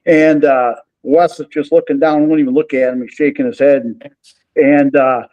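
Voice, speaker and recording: A man's voice: on the high side, moderate pace, dull audio. A man who backs race teams, telling a story in casual radio chat and acting out the quotes. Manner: animated storytelling, quotes others.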